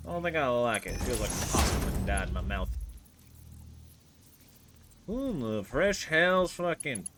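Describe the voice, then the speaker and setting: A man's voice: mid-range voice, a bit bright, slight background noise. A man putting on a drawling folksy twang. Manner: rambling, crude, chatty drawl. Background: game music.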